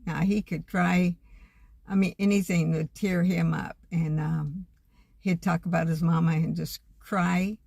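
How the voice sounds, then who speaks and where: Gravelly-voiced older woman reflecting. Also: fairly low pitch, no room sound. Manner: homespun, earnest, gently faith-filled. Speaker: vlogger. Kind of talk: casual reflective monologue.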